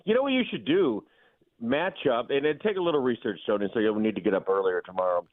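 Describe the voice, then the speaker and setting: A man calls in to a sports radio show, throwing out quick, animated takes with big leaps in pitch. His voice comes through a thin, tinny phone line with no room sound around it. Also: no room sound.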